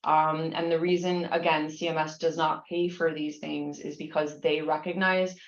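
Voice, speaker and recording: A woman's voice: low voice, level tone, normal speed, roomy sound, highs cut off. A woman explaining nursing exam questions, reading each one aloud and then walking through the answers patiently, with frequent restarts.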